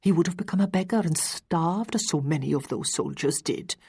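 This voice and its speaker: Woman doing soft-spoken kindly older aunt, gentle, low, husky, audiobook. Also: normal speed, heavily acted. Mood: pitying. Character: older Welsh aunt, kindly, gossiping softly.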